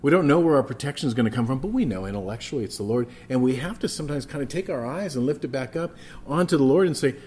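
A man's voice: mid-range voice, lively intonation, fast, darkish tone, a little hiss or hum. A man preaching a sermon as a pastor, emphatic, repeating phrases for stress and often restarting his words.

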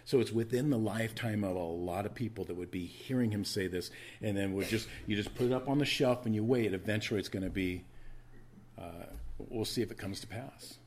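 The sermon comes from a pastor whose lowish, darkish voice moves a little fast, with a little hiss or hum in the audio. Teaching emphatically, he hammers key words through repetition, chats with the congregation in asides and asks them to take notes.

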